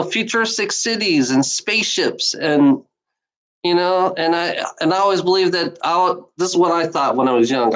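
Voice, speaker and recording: A woman's voice: deep voice, low-quality recording. Rambling, cursing woman, exasperated. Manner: rambling and repetitive, many "you know"s; profane and exasperated. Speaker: speaker sharing opinions. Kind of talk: casual rambling monologue.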